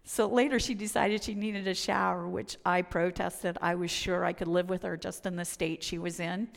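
Gravelly woman preaching in a big hall. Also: fairly low pitch, little pitch movement, normal speed. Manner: dramatic shifts from loud to whispered. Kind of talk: sermon with personal stories. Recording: long reverb of a hall.

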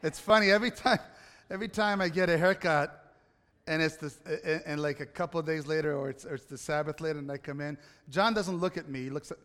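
A man's voice: fairly high pitch, fast talker, a bit bright. A man preaching a casual, story-driven sermon to his congregation, often restarting with repeated words. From Italy. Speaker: pastor. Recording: long hall reverb.

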